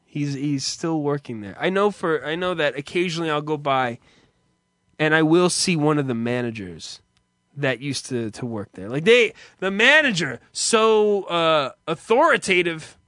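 A man's voice: fairly high pitch, lively intonation, normal speed, fairly bright tone, no room sound, clean studio sound. A man hosting a stream, telling rambling, profane anecdotes in a casual monologue and laughing often. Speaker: streamer host.

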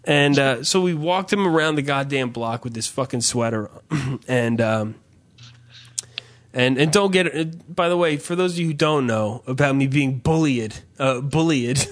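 A man's voice: mid-range voice, measured pace. A man hosting a podcast, telling a rambling, profane comic story in casual chat. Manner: profane, rambling, animated rants. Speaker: podcast host.

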